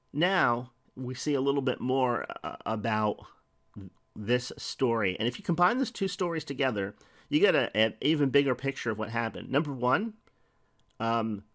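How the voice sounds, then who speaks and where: A middle-aged man preaches a conversational sermon, posing rhetorical questions and reading scripture aloud. His voice is mid-range and a bit bright.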